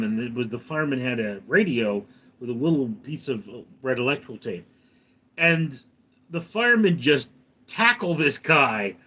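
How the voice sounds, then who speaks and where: A man's voice: mid-range voice, sharp tone. A man hosting a casual livestream from home, telling a long anecdote and reading out chat comments. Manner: chatty, reads out chat comments between anecdotes. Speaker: livestream host.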